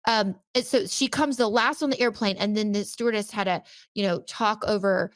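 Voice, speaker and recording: A woman co-hosting a casual chat show, telling animated stories and acting out what people said. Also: mid-range voice, brisk, dry recording, clean studio sound. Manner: animated, exclaims and acts out quotes. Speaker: podcast co-host.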